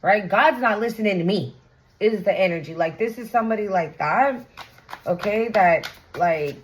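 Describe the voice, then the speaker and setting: Speaking at normal speed in a medium pitch, a woman reads tarot casually for her viewers, blunt and chatty, full of slang and swearing. The low-quality recording carries a little hiss or hum.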